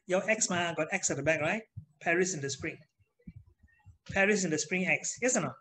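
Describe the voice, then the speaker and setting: A man's voice: high voice, normal speed, long pauses, bright, forceful tone, a little hiss or hum, low-quality recording. A middle-aged man, teaching an online class in a chatty manner and putting questions to his students. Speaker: trainer.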